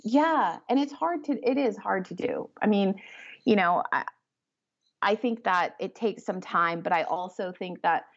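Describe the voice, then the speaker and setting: A woman author talking as a podcast guest, rambling and animated, with many fillers as she explains her ideas. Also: medium pitch, unhurried. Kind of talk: conversational interview. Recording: slightly muffled lo-fi audio.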